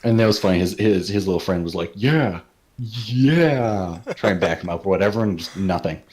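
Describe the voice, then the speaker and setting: Very deep-voiced young man from California. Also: fairly even intonation, racing, darkish tone. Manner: laid-back, with fillers and hesitations. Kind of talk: casual storytelling chat.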